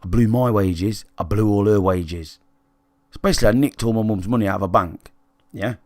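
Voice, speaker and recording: A man's voice: lowish voice, brisk, a little mellow, dry recording. Blunt, sweary British man talking to chat. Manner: blunt, sweary, conversational, checks in with listeners. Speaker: gaming livestreamer. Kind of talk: candid storytelling to live chat.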